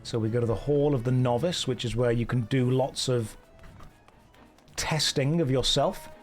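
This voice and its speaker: A young man chats through a game live on stream, cracking dry, sarcastic jokes as he plays. His voice sits at an ordinary middle pitch for a man. Faint music runs quietly behind him. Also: moderate pace. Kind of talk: casual live game commentary. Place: warm indoor room.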